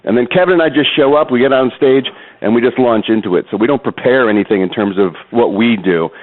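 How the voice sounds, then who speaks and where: A man being interviewed about voice acting and impressions, talking in an animated way and slipping into impressions. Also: mid-range voice, fast. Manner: animated, jokes and slips into impressions. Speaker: guest voice actor and impressionist. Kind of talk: phone interview. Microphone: phone. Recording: tinny phone line.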